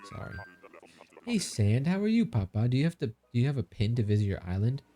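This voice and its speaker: A man's voice: mid-range voice, sing-song, brisk, warm tone, faint music behind. A man in his thirties chatting casually on a live stream, joking, laughing and reading out chat messages. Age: 30s. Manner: joking, reads chat aloud, laughs often.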